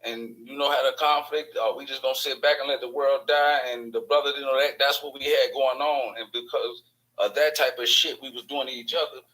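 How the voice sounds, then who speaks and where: A man's voice: mid-range voice, fairly even intonation, pushed and bright, rough recording. A man with a Chicago accent hosting his own channel, telling stories in a rambling, profane, digressive monologue. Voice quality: profane, digressive, fast-moving storytelling. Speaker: host of an online channel.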